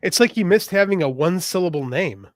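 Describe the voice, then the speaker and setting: A man co-hosts a podcast in lively conversation, his pitch rising and falling widely as he piles on exaggerated complaints. His voice sits slightly high, and the close recording is dry with no echo. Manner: animated, quick to agree, complains with exaggeration. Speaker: podcast co-host. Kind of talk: casual chat.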